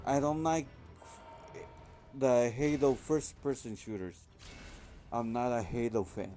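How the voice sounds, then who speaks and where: Slow-talking man over game music. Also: medium pitch, fairly even intonation, mellow. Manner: rambling, self-correcting storyteller. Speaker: let's play host. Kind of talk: casual gameplay commentary. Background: game music playing.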